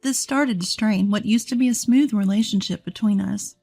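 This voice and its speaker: A woman in her thirties telling a first-person story in a steady, earnest scripted narration. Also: mid-range voice, moderate pace, creaky, dry recording, soft background music. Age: 30s.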